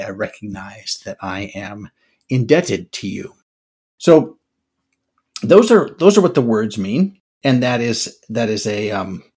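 An older man hosting a podcast, talking through his thoughts in a reflective, musing way and often restarting his words. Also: medium pitch. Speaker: podcast host. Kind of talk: casual podcast monologue.

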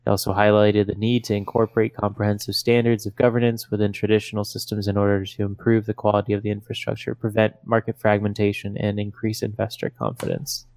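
Flat low-voiced man reading news. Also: fast talker, vocal fry, few pauses, no room sound. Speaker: podcast co-host.

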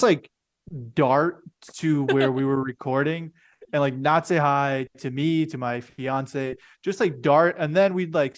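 A man hosts a casual podcast, asking easygoing, teasing questions. His voice sits in an ordinary middle range. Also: medium pitch. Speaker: podcast host. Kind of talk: casual chat.

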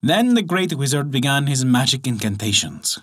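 Expressive male folktale storyteller. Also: medium pitch. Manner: expressive, measured, dramatic pauses. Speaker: podcast storyteller.

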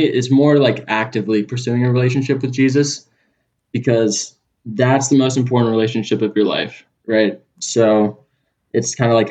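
A man's voice: mid-range voice, a little mellow. Twenty-something Southern California guy, laid-back guest, slightly dull audio. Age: 20s. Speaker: podcast guest. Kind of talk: casual interview.

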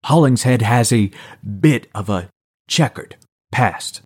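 A man's voice: mid-range voice, expressive, slow pace, voice pushed up. A man reading the lines of a formal, impatient middle-aged small-town mayor in an audiobook. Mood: stiff.

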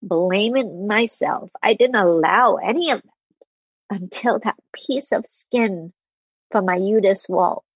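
Husky woman telling a heartfelt story. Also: medium pitch, no room sound, muffled recording. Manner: earnest and heartfelt, with halting restarts. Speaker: interview guest. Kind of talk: candid personal storytelling in conversation.

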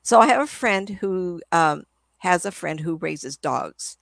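A woman's voice: fairly low pitch, expressive, slow, creaky, fairly bright tone, no room sound. An older woman, a psychic medium guest, telling rambling stories in a casual interview. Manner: rambling, chatty storyteller.

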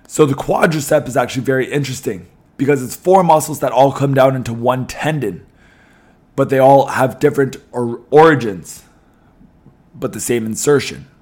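A young man, slightly hoarse, hosting a podcast in a chatty way with many ums and restarts. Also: mid-range voice. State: losing his voice a little. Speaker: podcast host. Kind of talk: casual podcast talk.

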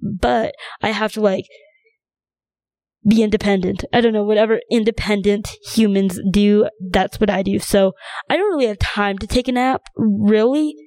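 A woman's voice: mid-range voice, moderate pace, a little mellow, no room sound. A young woman hosting her own podcast, rambling in a casual, chatty way with plenty of fillers. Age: young adult. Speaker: podcast host. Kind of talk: casual solo chat.

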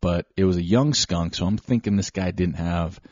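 A man hosting a show, telling a casual, rambling, self-deprecating story with animated asides. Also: low voice, moderate pace, dry recording. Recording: slightly dull lo-fi recording.

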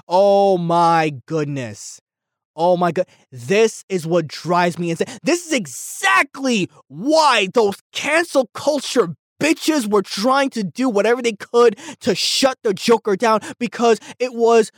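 A young man hosting a solo podcast, ranting heatedly and swearing. He repeats himself and swings between yelling and muttering. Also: high voice, animated, slow, dry recording, clean studio sound. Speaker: podcast host.

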